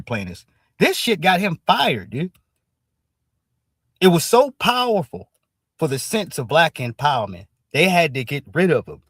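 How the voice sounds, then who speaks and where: Animated man. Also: on the high side, slightly rough, no room sound, studio quality. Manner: animated, profane, repeats "all right" as a filler. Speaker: livestream commentator. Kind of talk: casual livestream commentary.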